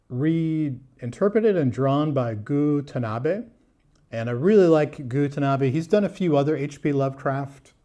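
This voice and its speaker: A man's voice: medium pitch, a little mellow. Blunt, chatty man reviewing books. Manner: candid and blunt, frequent fillers and restarts, wry laughs. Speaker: book vlogger. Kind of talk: casual book review talk.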